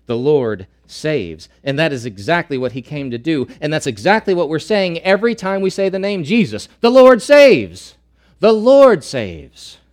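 A male pastor preaching a sermon, repeating key phrases and swinging between loud emphatic lines and slow, hushed ones. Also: on the high side, lively intonation.

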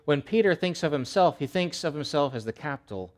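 A male pastor preaching a sermon in an animated, conversational way, with emphatic repetition. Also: on the high side, a little fast, hardly any pauses.

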